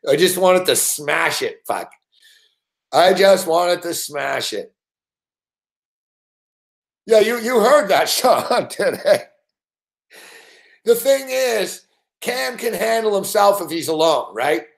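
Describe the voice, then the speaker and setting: A man's voice: high-pitched, expressive, slow, gravelly, long pauses. A man hosting a sports betting show, telling a story in a casual way, swearing constantly and laughing often.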